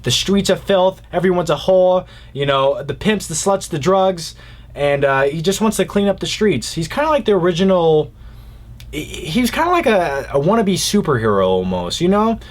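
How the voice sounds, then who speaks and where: A man's voice: high voice, animated, moderate pace. A young man casually reviewing movies in a rambling way, with jokey asides.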